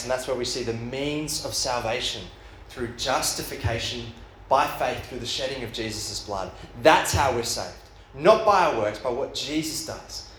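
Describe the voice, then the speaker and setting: A man's voice: mid-range voice, normal speed, reverberant. A man who is the pastor for youth and young adults, giving a sermon in a casual, storytelling way. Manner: casual storytelling with rising excitement. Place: church hall.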